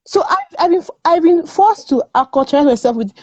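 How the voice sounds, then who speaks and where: A woman's voice: sits high, animated, brisk, darkish tone, no room sound, dull audio. A woman from Nigeria, speaking as a guest in a casual discussion. She is emphatic, repeats words and laughs often. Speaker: guest panelist.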